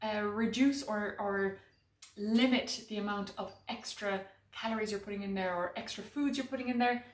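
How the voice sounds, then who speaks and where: A woman's voice: medium pitch, normal speed. A woman presenting a live cook-along demonstration in her home kitchen, chatty and self-mocking, picked up by a camera mic some distance away. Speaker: cooking demo presenter. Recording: echoey kitchen, mic far off.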